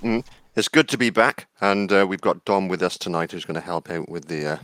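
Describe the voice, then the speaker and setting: A man with a very deep voice hosts a casual group chat over a call. He talks in a relaxed, wandering way, with dry, close sound and no room around him. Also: fairly quick, no echo. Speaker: podcast host.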